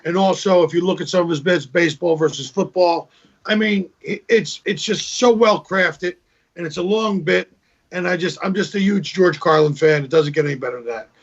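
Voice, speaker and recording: A man's voice: sits high, normal speed. A male comedian talking casually on a video call as a guest, telling a long joke with repeated words. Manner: storytelling, acts out joke voices, repeats words. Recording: dull lo-fi video call audio.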